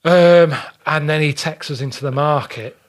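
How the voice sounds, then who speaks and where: A man's voice: a little high, normal speed. A man, a podcast guest telling blunt, grumbling anecdotes with the odd swear word in casual chat. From England.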